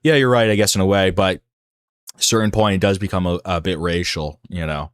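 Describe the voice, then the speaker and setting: A man with a low, deep voice hosts a casual livestream and talks straight into a dry, close-sounding mic. He rambles and halts, often trailing off into fillers and restarts before he finds his point. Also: fairly even intonation, brisk, clear, resonant tone, no echo. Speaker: livestream host.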